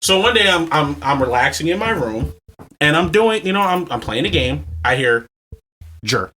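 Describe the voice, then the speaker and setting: A man hosting a podcast, telling a story in casual chat, animated and swearing freely. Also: a little high, moderate pace, slight background noise. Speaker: podcast host.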